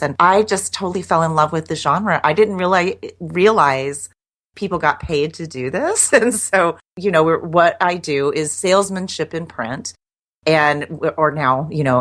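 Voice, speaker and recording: Low-voiced chatty woman guest. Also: a bit bright. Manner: chatty, self-deprecating, frequent restarts and laughs. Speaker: guest, copywriter. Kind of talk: casual interview chat.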